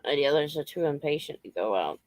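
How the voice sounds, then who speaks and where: A woman's voice: sits low, lively intonation, brisk, darkish tone, a little hiss or hum. Woman. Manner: coarse, chatty, scolds and coos at dogs. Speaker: vlogger talking to her dogs. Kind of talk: casual chat with pets. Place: home with dogs around.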